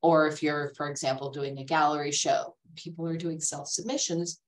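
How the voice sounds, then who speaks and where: In a webinar presentation on art law, a woman with a low voice explains things at a moderate pace, her voice worn and fading after illness. She lectures steadily with many ums, and the low-quality recording was made from a distance.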